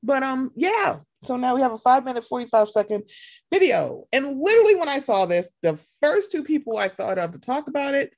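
A woman hosting a podcast in casual chat, animated and profane, acting out quotes in voices. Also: high-pitched, fairly quick, vocal fry. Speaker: podcast host.

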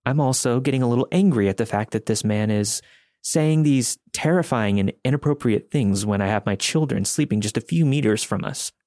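A man hosting a podcast, narrating a scary true-story submission in a steady, measured way. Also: medium pitch, no room sound, clean studio sound. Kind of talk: scripted horror story narration.

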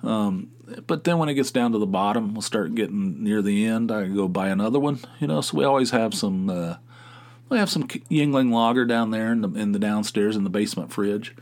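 A man's voice: on the low side, a little fast, a little mellow. A middle-aged man hosting a podcast, talking in a rambling, profane casual monologue with many restarts. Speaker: podcast host.

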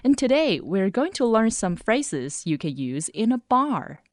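A woman hosting a radio language lesson, saying model phrases slowly and carefully. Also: on the high side, sing-song, no echo. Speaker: language teacher and host.

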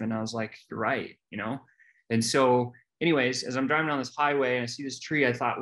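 A man's voice: mid-range voice, steady tone, brisk, a bit bright. A man talking as a podcast guest, telling his story candidly and earnestly, often restarting and repeating words.

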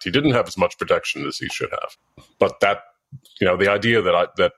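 A man answering interview questions in a measured, thoughtful way, pausing often with "uh". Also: deep voice, a bit bright, dry recording. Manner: measured, thoughtful, with frequent hesitations. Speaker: guest, former diplomat and author.

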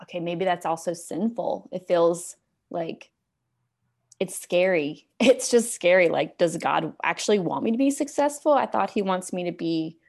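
A woman's voice: lowish voice, lively intonation, moderate pace, gravelly, a little mellow. Earnest woman hosting a faith podcast. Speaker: podcast host. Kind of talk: casual chat and scripture reading.

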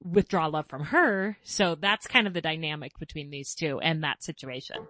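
A woman's voice: deep voice, moderate pace, bright, forceful tone, no room sound. A woman hosting an interview and speaking as a mother, open and thoughtful in casual chat. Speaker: host and mother.

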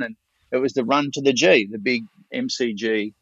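A man's voice: medium pitch, moderate pace, dry recording. An Australian man, a seminar speaker, telling stories casually, with energy, frequent swearing and many restarts. The audio is dull and lo-fi. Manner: energetic, profane, full of restarts. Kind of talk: casual storytelling.

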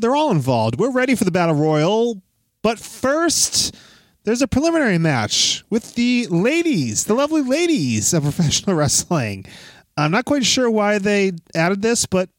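Upbeat podcast host with a dry voice. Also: male voice, high voice, big pitch swings, moderate pace, no room sound. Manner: recaps scenes playfully, cracks jokes. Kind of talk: casual movie-review podcast chat.

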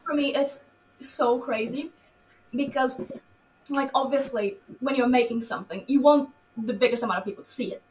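A woman actress chatting in an interview, excitable and laughing as she retells stories and acts out quotes. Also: high voice, moderate pace, a little hiss or hum, low-quality recording. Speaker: actress in the film. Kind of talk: casual interview chat.

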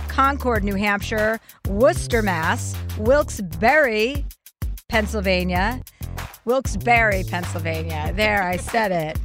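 A woman hosting a podcast in casual chat, blunt and profane, talking fast and freely. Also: medium pitch, fairly bright tone. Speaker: podcast host.

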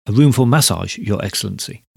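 A doorkeeper stands at attention, answering with stiff, deferential formality, as a man acts him out. The voice is husky and gravelly, recorded dry. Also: on the low side, fairly quick, darkish tone, no room sound, exaggerated voice. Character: stiff, dutiful male doorkeeper.

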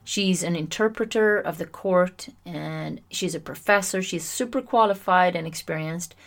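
A woman hosting a solo self-help podcast, chatty and animated, often poking fun at herself. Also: on the low side, moderate pace. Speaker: podcast host.

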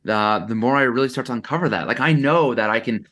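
A man's voice: mid-range voice, expressive, quick pace, few pauses, a bit bright. A young adult man as a podcast guest, chatting casually in a reflective way, with frequent fillers and restarts. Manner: reflective, talks in bursts with lots of "like" and restarts. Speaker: podcast guest, content creator.

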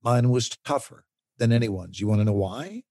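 A middle-aged man telling stories as an interview guest, recorded close and dry with almost no room sound. His voice sits at an ordinary pitch and he shapes each anecdote with lively, acted-out quotes and gestures. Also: moderate pace, dry recording. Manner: expressive, acts out quotes and gestures. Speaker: actor guest. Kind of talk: animated storytelling interview.

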